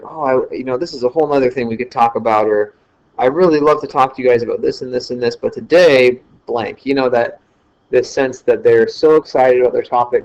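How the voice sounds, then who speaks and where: In a slightly dull, lo-fi screen recording, a man with a darkish, mid-range voice gives a casual lecture. He talks loosely, using fillers and correcting himself along the way.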